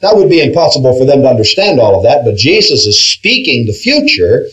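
Animated man leading a Bible class. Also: medium pitch, a little fast, few pauses, muffled recording. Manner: questioning, emphatic, with frequent restarts and "all right". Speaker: Bible study teacher. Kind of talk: interactive Bible class teaching.

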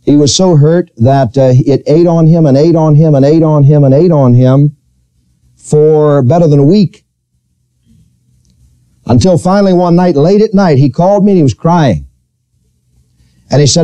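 A male pastor preaching a sermon in church, telling a personal story with lively, animated delivery. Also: moderate pace, pauses often, dry recording. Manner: storytelling preacher, animated, rising to high pitch when quoting.

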